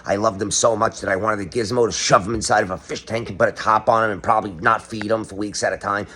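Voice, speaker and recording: A middle-aged man rants in a casual comedic monologue to camera. His voice sits a little low, and he is sarcastic and mocking, often slipping into sung or quoted lines. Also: fairly even intonation, fast talker, sharp tone. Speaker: online commentator.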